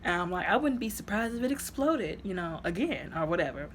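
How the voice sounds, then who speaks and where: Retelling a movie plot in a casual, rambling way, this female reviewer fills her speech with "like" and "you know." Her pace is fairly quick, and excitement sends her voice jumping abruptly up into high exclamations, with slight noise in the background.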